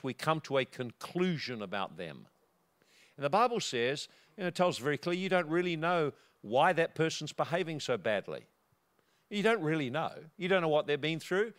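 A man preaches a sermon built around a personal story, acting out the voices in it. He quotes the characters with big swings in pitch and loudness.

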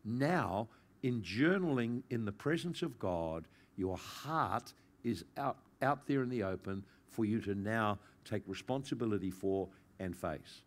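With lively intonation and an unhurried pace, a man preaches a sermon earnestly and pastorally, sometimes rising in intensity and then easing into something soft and low.

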